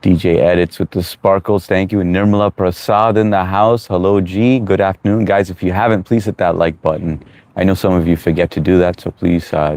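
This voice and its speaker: A man whose voice sits low greets viewers by name on a casual live stream, reading out their chat comments and offering relaxed, supportive advice. No room sound is audible.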